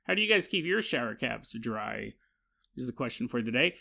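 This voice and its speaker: A man hosting a podcast, telling a story in a joking, animated way with laughing asides. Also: medium pitch, normal speed, gravelly. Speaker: podcast host. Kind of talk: comedic storytelling.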